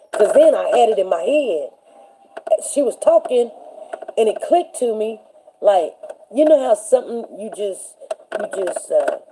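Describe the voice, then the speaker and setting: A woman's voice: mid-range voice, background noise. A woman hosting a show, telling a long personal story in a rambling, casual way and acting out the people she quotes. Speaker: show host.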